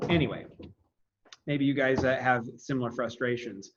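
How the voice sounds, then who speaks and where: A man's voice: mid-range voice, steady tone, measured pace, lo-fi sound. A man teaching a classroom lecture, talking casually, thinking aloud with fillers and restarts.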